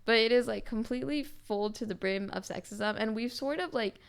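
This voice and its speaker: A teenage girl hosting her own podcast, ranting to her viewers in a casual, animated way and filling her talk with "like". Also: on the high side, moderate pace, creaky, clean tone. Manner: animated, heavy use of "like" fillers. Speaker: podcast host.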